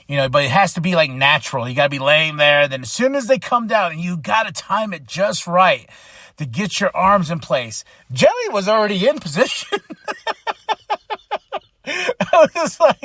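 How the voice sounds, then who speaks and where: A man with a high-pitched voice hosts his own podcast, talking through a wrestling show in a loose, excitable solo review. He laughs often and jumps into acted-out reactions. The sound is close and dry, with no room echo. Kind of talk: casual solo review monologue.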